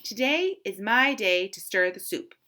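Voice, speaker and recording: A woman voicing a fretful little male duck in a storybook, speaking in a high, plaintive, wailing voice. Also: very animated, a little slow, sharp tone. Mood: proud.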